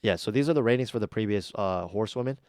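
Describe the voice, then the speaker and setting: A man's voice: fairly low pitch, fast talker, darkish tone, clear, resonant tone, dry recording, studio quality. A man hosting a casual reaction video, giving blunt, chatty opinions with plenty of ums and uhs. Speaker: YouTube reaction host.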